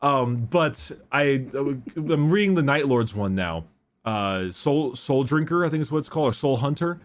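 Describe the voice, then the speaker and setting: A man's voice: medium pitch, expressive, measured pace. Man rambling casually on a podcast. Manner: rambling, laughs often, fumbles names. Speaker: podcast co-host. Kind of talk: casual chat.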